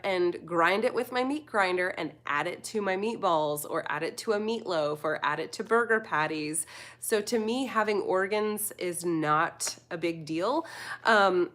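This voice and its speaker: An American food vlogger in her thirties rambles casually on a live stream, reading viewer comments aloud as she goes. Her mid-range voice is a bit bright.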